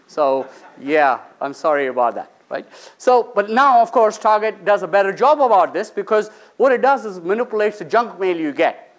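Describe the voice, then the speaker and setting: A man's voice: sits high, expressive, moderate pace. A man, a finance professor, lecturing students in a conversational way, asking the audience questions and briefly acting out the people in his stories. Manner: acts out quoted people in short bursts.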